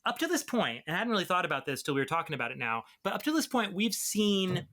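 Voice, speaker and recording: A man's voice: high voice, very animated, fast, pushed and bright, slight background noise. A man co-hosting a podcast, breaking down a comic's story in articulate casual chat, swearing freely. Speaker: podcast co-host.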